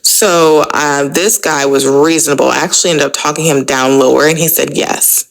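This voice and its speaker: A woman with a low voice and a gravelly, creaky edge tells a personal story on her podcast. She talks casually and chattily, filling her sentences with "like" and "you know". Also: fairly even intonation, moderate pace, poor audio. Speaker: podcast host.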